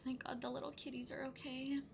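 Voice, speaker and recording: A woman's voice: high voice, level tone, fairly quick, creaky, a little hiss or hum. A woman streamer giving playful, irreverent reaction commentary while she plays a game. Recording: game music playing behind. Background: game music and cutscene audio.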